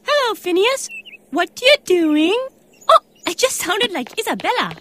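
A woman's voice: very high-pitched, very animated, measured pace, a bit bright, slight background noise, full character voice. A woman voicing a nerdy, bookish cartoon boy who talks in precise, pedantic phrasing. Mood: fussy.

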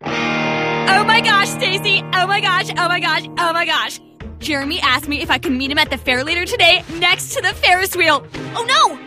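Very high, animated cartoon teenage girl, excitable and bossy, music behind. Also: moderate pace. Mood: panicked. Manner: excitable, prone to panicked outbursts.

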